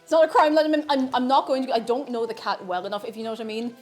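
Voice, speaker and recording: A woman's voice: on the high side, rapid-fire, soft background music. A young woman streaming from her home kitchen, chatting playfully and casually while she bakes. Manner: chatty and playful, coos in baby talk to a cat. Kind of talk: casual livestream chat while baking.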